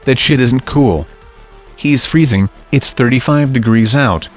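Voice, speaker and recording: A man's voice: medium pitch, unhurried, soft background music, lightly acted. A man voicing an annoyed fellow reenactor with a scolding tone. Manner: irritated, scolding.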